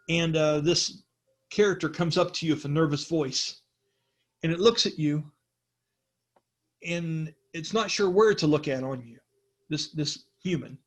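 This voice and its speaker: Laughing, rambling male game master. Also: a little high. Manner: rambling, laughs often, self-correcting. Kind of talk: narrating a tabletop game.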